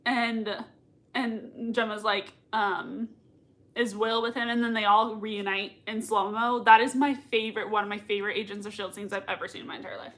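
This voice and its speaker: A woman's voice: medium pitch, fairly even intonation, moderate pace, a bit bright. A young woman hosting a live reaction stream, gushing and squealing with emotion. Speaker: livestream reaction host. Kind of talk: excited live reaction chat.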